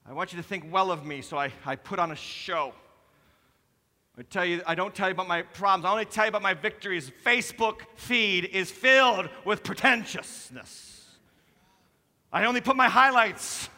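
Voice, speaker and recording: A male lead pastor preaching a sermon, animated and joking, with sudden loud bursts and soft asides. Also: sits high, fairly quick. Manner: animated, jokey preaching with sudden shouts and drops to soft tones. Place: church sanctuary. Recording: preached in a hall with long reverb.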